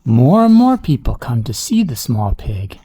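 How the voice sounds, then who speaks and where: A man's voice: medium pitch, sing-song, measured pace, dark tone, breathy edge. A man reading a storybook aloud at bedtime, with playful asides to a child listener. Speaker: storybook reader.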